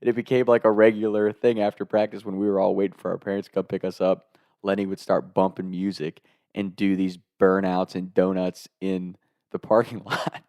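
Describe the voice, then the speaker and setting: A man's voice: low voice, flat delivery, brisk, mellow, dry recording, clean studio sound. Laughing young man telling a story. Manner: laughs through his own story, swears freely. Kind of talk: casual comic anecdote.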